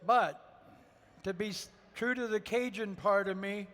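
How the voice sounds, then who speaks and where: Man, high voice, rambling folksy chef, festival stage, reverberant hall sound. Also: fairly even intonation, a little slow, fairly bright tone. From Ohio. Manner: rambling, folksy storytelling with many fillers. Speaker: guest chef. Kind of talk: live cooking demo talk.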